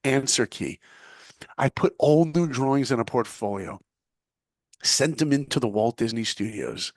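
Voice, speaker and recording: A man's voice: mid-range voice, unhurried, no room sound, clean studio sound. A middle-aged man from the United States, a guest telling a personal story vividly and acting out both sides of the conversations. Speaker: guest, former animator and speaker. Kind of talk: animated storytelling.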